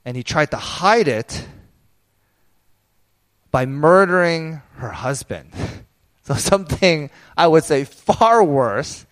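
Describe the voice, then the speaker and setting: A man's voice: on the high side, big pitch swings, slow pace, long pauses. A pastor in his thirties preaching a sermon in a candid, conversational way, telling personal stories.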